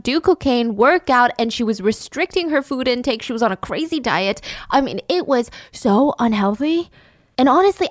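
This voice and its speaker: A woman's voice: medium pitch, dry recording, studio quality. A woman narrating a true-crime story in a casual way, breaking in with opinionated, indignant asides.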